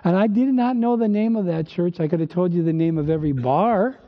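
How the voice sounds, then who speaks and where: A man's voice: high voice, brisk. An older male pastor from northern Minnesota, preaching emphatically with rhetorical questions and dry humor. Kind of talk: sermon. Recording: dull recording with long hall reverb.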